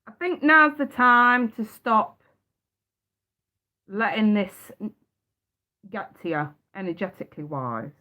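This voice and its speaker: A woman reads tarot live with a sharp-toned, expressive mid-range voice, speaking slowly with long pauses. She's blunt, emphatic and swears freely while repeating herself, and the sound quality is dull and lo-fi.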